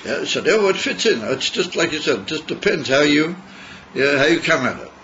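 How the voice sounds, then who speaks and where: A man teaching a Chassidus class, halting and repeating words as he explains, mixing in Hebrew terms. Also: on the high side, lively intonation, bright, forceful tone, slight background noise. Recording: muffled class recording.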